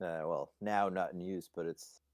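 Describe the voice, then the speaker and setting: A man's voice: low-pitched, fairly even intonation, normal speed, no room sound, clean studio sound, lightly acted. A man voicing an irritable, foul-mouthed male henchman who curses and sounds impatient. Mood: explaining. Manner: cursing, impatient.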